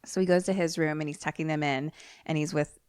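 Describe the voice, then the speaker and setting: A young adult woman co-hosting a podcast, retelling a film plot in a casual, animated way. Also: low-pitched, fast talker, smooth, no room sound, clean studio sound. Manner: animated storytelling, acts out quoted lines. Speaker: podcast co-host.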